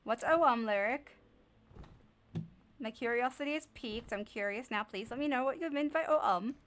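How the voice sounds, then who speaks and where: A woman's voice: on the high side, normal speed, fairly bright tone, slight background noise. A woman streamer chatting to herself while she plays, curious and easily spooked. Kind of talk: live gameplay commentary. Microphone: desk microphone.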